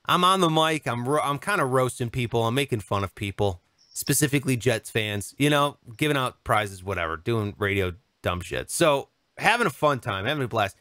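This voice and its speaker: A young man co-hosting a podcast, telling a story in a casual, animated, joking way and acting out what people said. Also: medium pitch, normal speed, dry recording, studio quality. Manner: animated, jokey, acts out quotes. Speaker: podcast co-host.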